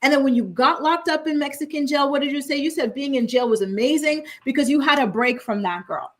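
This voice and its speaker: A young woman with a slightly high voice recaps reality TV as host, chatty and opinionated. She talks fast and loose, throwing in exasperated asides.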